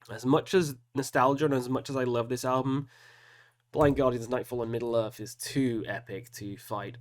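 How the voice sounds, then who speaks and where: A man hosting a casual solo video, talking through music matchups and groaning over hard choices with self-mocking asides. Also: mid-range voice. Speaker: metal reaction host. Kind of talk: casual solo commentary while picking albums.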